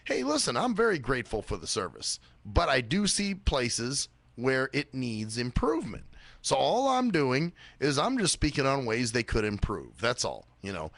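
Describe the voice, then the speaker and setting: A man's voice: gravelly, fairly bright tone, dry recording. A man hosting a small radio show, rambling and swearing a lot in a casual monologue. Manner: rambling, swears a lot, mimics others in high voices.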